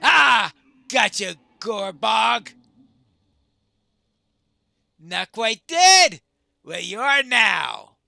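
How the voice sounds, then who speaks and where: A man's voice: sits high, big pitch swings, very slow, vocal fry, pauses often, sharp tone, no echo, raised voice, pitched above the performer's own voice, full character voice. A man voicing a brutal male orc captain who bellows threats down a tower. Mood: furious.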